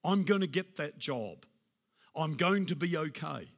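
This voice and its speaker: A man preaching a sermon in a husky, slightly high voice. He builds to loud, emphatic declarations, then drops to a soft, hushed prayer. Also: expressive, unhurried. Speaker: pastor.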